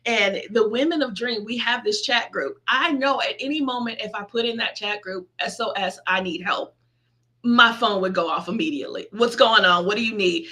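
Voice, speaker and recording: A woman's voice: fairly high pitch, moderate pace, pushed and bright. A middle-aged woman pastor with a Midwestern American accent, giving an intimate sermon from her desk and praying aloud in a personal testimony style. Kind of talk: online sermon, girl talk.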